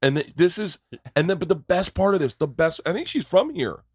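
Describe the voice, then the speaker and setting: Loud, swearing podcast host man. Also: sits high, big pitch swings, fairly quick, husky, dry recording, studio quality. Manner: loud, profane, laughs often. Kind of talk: casual chat. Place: podcast studio.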